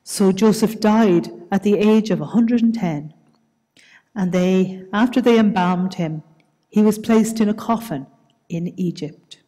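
A woman with a Northern Irish accent leading worship and reading scripture aloud in a church service, slow, measured and soft-spoken. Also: mid-range voice. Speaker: worship leader. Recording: reverberant church hall.

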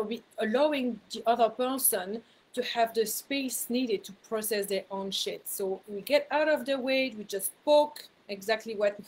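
A woman's voice: on the high side, a little hiss or hum, poor audio. A woman speaking as a spiritual mentor, giving a casual talk to her viewers in a chatty way, laughing at herself and repeating words for emphasis.

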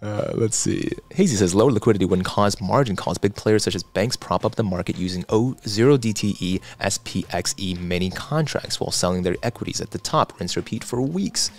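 A man hosting a casual livestream, reading viewer comments aloud in a relaxed, chatty way and adding quick asides. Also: fairly low pitch, faint music behind. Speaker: livestream host.

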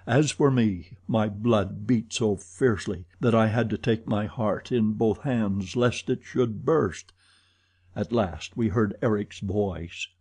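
A man's voice: on the low side, slow, a little mellow, breathy edge. A man narrating an audiobook in a dramatic, intense storytelling manner.

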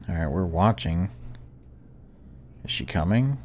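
A man narrating his own horror-game playthrough in casual commentary, low-pitched and often hushed. He sounds jumpy and chatty and swears now and then. A faint background hiss runs under his voice. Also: expressive, a little slow. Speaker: let's-play gamer.

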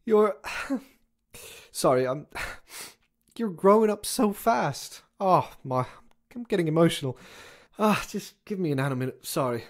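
A woman voicing a motherly, sentimental operating system inside a phone in a video game, speaking in a slow, doting way. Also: lowish voice, animated. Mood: emotional. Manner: slow, doting, easily moved.

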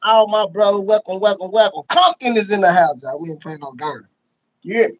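A man from Dallas, hosting a casual livestream and hyping up his viewers with repeated shout-outs. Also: high voice, fairly quick, no room sound. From Dallas, Texas. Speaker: livestream host. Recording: dull, lo-fi stream audio.

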